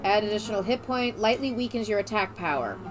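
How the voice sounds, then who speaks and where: A woman's voice: medium pitch, animated, brisk. A woman streaming a game with a friend, chatting casually and swearing when things go wrong. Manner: swears often, swings between frustration and cheer. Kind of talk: casual gameplay chat. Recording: game music playing behind.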